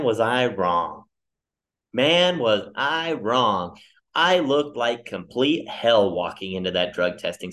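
A young man hosting a podcast, telling a comic story alone and acting out the people he quotes in jumpy, animated voices. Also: medium pitch. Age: young adult. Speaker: podcast host. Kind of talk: casual comedic monologue.

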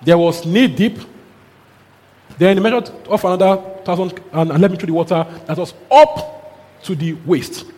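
In a hall with long, lingering reverb and a little background noise, a man with a high voice gives a sermon built on vivid storytelling. He's animated, laughing softly and throwing in local exclamations.

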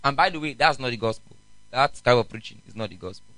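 A man, a pastor preaching a sermon in an animated way and often asking the congregation questions. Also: medium pitch, quick pace, dry recording, low-quality recording.

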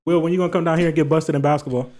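A man's voice: fairly high pitch, steady tone, racing, a little mellow. A young man hosting a podcast, chatting casually, teasing and laughing along with his guest. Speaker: podcast host.

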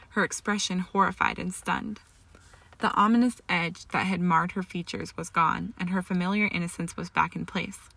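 Woman narrator, low gravelly voice, steady storybook reading. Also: no room sound. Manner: reads dialogue with raised emotion, small slips and restarts. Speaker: fan fiction reader. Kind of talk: audiobook-style story narration.

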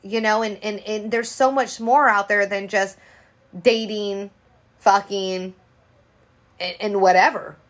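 A woman's voice: mid-range voice, steady tone, slow, pauses often. A woman in her thirties co-hosting a podcast, talking frankly and profanely in a rambling casual chat full of restarts. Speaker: podcast co-host.

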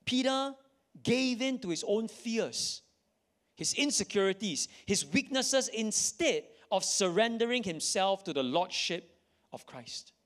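Before a live church audience, a man preaches a sermon, reading scripture dramatically and repeating key lines to drive them home. His voice sits high and a bit bright, animated yet unhurried.

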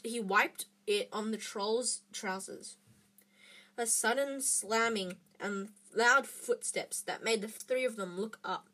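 A woman reading a children's book aloud in an expressive way, with small slips and restarts. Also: medium pitch, slow pace. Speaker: reader.

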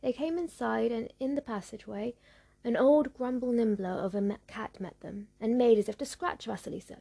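A woman narrating a folktale in a measured, rhythmic storybook reading. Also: a little high, creaky, dark tone, husky.

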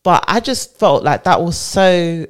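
A woman co-hosting a podcast in casual, emphatic chat, quick to laugh. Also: lowish voice, very animated, smooth. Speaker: podcast co-host.

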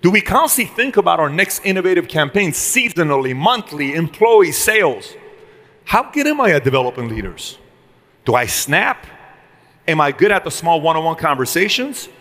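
A middle-aged man giving an energetic motivational talk to a live audience, firing rhetorical questions at the room. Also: fairly high pitch, moderate pace. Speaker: business speaker.

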